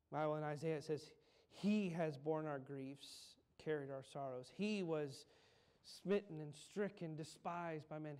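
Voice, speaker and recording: Fervent male pastor preaching a sermon. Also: a little high. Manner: builds to loud emphatic peaks, slows on key phrases. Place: church sanctuary.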